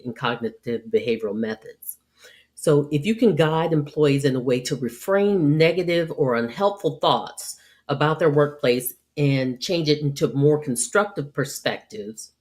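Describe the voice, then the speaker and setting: Low-voiced woman giving calm leadership advice. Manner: calm, measured, acts out little scenes. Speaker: podcast host and leadership speaker. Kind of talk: scripted advice talk.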